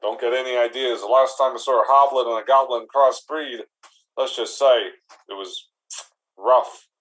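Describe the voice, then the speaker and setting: A man voicing a laid-back, lonely male orc who works as a bouncer, talking in a slow, deadpan, rambling way. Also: mid-range voice, natural voice, low-quality recording.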